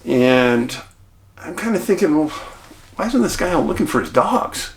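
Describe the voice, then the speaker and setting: A middle-aged man, host of his channel, casually telling a story to the camera in a chatty, animated way, quoting the people he met. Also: fairly high pitch, normal speed. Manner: chatty, animated retelling with quoted dialogue. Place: rural home outdoors.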